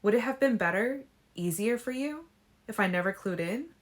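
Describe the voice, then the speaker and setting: A woman's voice: mid-range voice, lively intonation, normal speed, pitched above the performer's own voice, natural voice. A woman reading a guilty, anxious teenage girl in a fan audiobook, voice raised and pleading. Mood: earnest.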